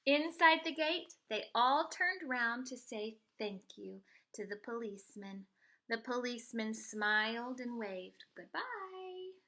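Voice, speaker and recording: Taking it slowly in a fairly high voice, a woman teacher reads a picture book to children. She reads expressively and points out the pictures along the way.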